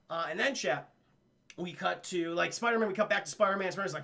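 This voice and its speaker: A man's voice: high-pitched, expressive, fast, vocal fry, sharp tone. A man casually recapping a cartoon episode for his live chat, rambling, swearing and addressing the chat again and again. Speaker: livestream cartoon reviewer.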